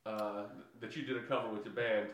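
A man's voice: fairly low pitch, little pitch movement, quick pace, distant mic, a loud crowd. A man recaps a movie in loose podcast chat, full of fillers, restarts and laughter. He sits away from the mic, and the room rings with heavy echo. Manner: rambling, many fillers and restarts, laughs often. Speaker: podcast co-host.

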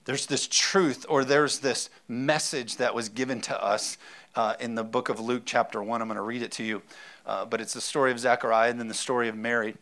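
A man's voice: mid-range voice, fairly even intonation, a little fast, a bit bright. A man preaching a sermon in a conversational way, acting out little asides and reading scripture aloud. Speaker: pastor.

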